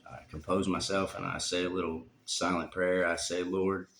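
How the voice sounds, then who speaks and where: A man telling a painful personal story from his life, speaking haltingly with long pauses and fillers. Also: low-pitched, flat delivery, gravelly, fairly bright tone, a little hiss or hum. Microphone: phone. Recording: roomy phone recording.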